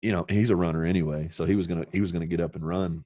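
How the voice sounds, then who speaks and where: A man's voice: low-pitched, steady tone, very fast, mellow, dry recording. A man, a podcast guest, telling stories in a candid, earnest way that turns emotional, with casual swearing.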